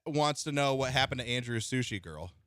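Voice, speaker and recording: A man's voice: medium pitch, lively intonation, a little fast, fairly bright tone, smooth, no echo. A man co-hosting a radio show, chatting casually and playfully giving advice. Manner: playful, joking, confident.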